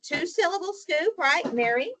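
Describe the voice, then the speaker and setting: High-voiced woman teaching spelling. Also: expressive, normal speed, bright, forceful tone, rough recording. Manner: patient, coaxing, frequent mm-hmm. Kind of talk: spelling lesson. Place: classroom.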